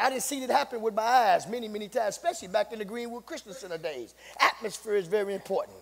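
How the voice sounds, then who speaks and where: Male pastor, high voice, in a hall that climbs to shouting. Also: fast talker, gravelly, hardly any pauses. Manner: builds to shouting, repeats "my God" often. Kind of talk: sermon. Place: church sanctuary. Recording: long hall reverb.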